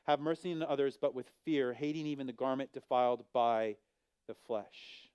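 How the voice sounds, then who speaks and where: A man preaching in a smooth, resonant voice that sits a little above the usual male range. He is an animated pastor who acts out the figures in his story, rising and falling sharply in pitch and volume. The sound is close and dry, with no room echo. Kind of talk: sermon.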